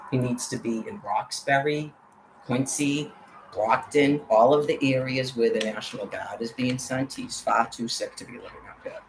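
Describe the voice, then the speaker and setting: A woman, delivering an agitated, profane monologue to camera. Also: very deep voice. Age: 50s. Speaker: vlogger. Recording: echoey, with faint background noise.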